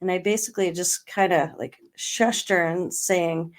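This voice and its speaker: A middle-aged woman, a guest in an interview, telling a personal story in earnest, slowing down on emotional words and laughing now and then. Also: lowish voice, steady tone. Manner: earnest, slows right down on emotional words, laughs between lines.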